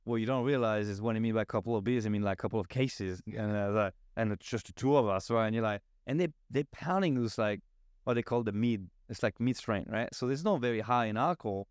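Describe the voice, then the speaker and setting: A man's voice: lowish voice, a little fast, clean tone, no echo, studio quality. A man, chatting loosely as a podcast guest about his work. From South of France. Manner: rambling, restarts often, animated. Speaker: guest, spirits brand advocacy manager. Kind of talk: casual podcast conversation.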